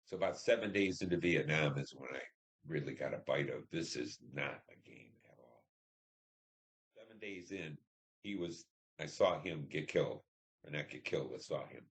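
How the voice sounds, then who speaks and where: A man in his seventies from Detroit, a veteran telling war memories in an oral history interview, halting and reflective with many fillers. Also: rumbling low, lively intonation, gravelly. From Detroit, Michigan.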